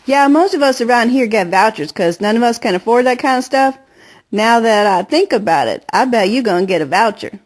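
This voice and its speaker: A woman's voice: on the high side, lively intonation, pitched above the performer's own voice. A woman reading an audiobook, voicing a playful, confident girl who chatters and teases. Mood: chatty. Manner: fast bubbly chatter, teasing. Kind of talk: audiobook character voice.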